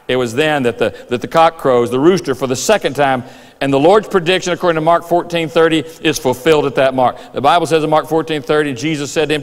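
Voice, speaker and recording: A man preaching a sermon in a church, telling the story lively and acting out voices and rooster calls. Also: a little high, fast. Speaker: pastor. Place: church sanctuary. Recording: reverberant church hall.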